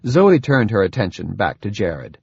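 Male audiobook narrator, husky, animated delivery, dry close recording. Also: moderate pace, no room sound, dull audio. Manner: steady storytelling with lively pitch. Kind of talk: scripted narration.

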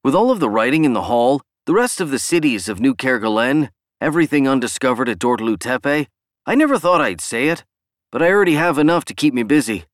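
Eager explorer, raised and lively voice, read by a man narrating. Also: medium pitch, a little fast, dry recording, clean studio sound, voice pushed up, lightly acted. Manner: eager, questioning. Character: curious, eager male explorer.

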